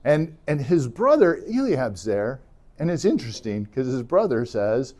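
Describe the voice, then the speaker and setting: Teaching adults at church, a man in a mid-range voice tells stories at a slightly slow pace. He brings them to life by voicing the characters himself, with fillers along the way.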